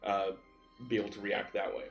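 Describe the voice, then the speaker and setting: A man narrating as game master in a tabletop game, in a relaxed, rambling way. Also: fairly low pitch, a little fast, creaky, dull audio, faint music behind.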